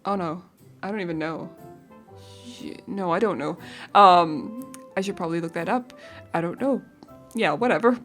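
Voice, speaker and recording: A woman's voice: fairly low pitch, moderate pace, pauses often. Young woman, casual rambling voice-over, giggly, hunts for words, faint background music. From Denmark. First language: Danish. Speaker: game builder.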